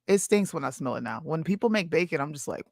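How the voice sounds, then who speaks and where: A woman co-hosting a live talk show, talking in a slangy, animated, opinionated way. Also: deep voice, fast, gravelly, dry recording, clean studio sound. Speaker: co-host. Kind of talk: casual chat.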